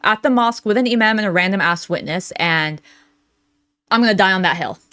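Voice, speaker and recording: A woman's voice: mid-range voice, fairly quick, sharp tone. Blunt, sarcastic woman doing reaction commentary.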